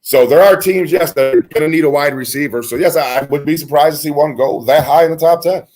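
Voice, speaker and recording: A man with a high voice co-hosting a casual sports radio show. He talks bluntly and swears freely. His takes come out as heated, loud rants. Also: fast. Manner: blunt, profane, heated ranting.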